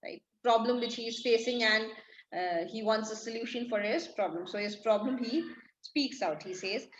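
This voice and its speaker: A woman's voice: on the high side, normal speed, highs cut off, slight background noise. A woman teacher explaining a play line by line, paraphrasing each line and asking and answering her own questions. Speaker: English literature teacher. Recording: echoey room.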